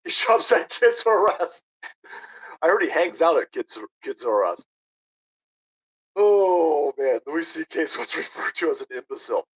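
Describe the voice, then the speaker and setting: A man's voice: fairly high pitch, big pitch swings, measured pace, breathy edge. A man in his thirties hosting a livestream, ranting sarcastically and combatively and reading viewer chat aloud. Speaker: political livestream host. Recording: dull lo-fi stream audio.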